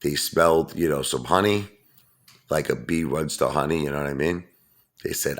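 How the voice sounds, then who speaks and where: Super deep-voiced guy ranting at the camera on his own channel, brash and mocking, keeps repeating himself. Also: normal speed. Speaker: channel host. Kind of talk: ranting vlog monologue.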